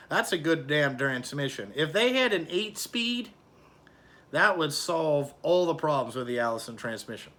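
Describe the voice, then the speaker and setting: Middle-aged male trucking boss, blunt and foul-mouthed, bright forceful tone, slightly higher voice. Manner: blunt, heavily profane, ranting. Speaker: trucking company owner. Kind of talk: profane casual vlog rant.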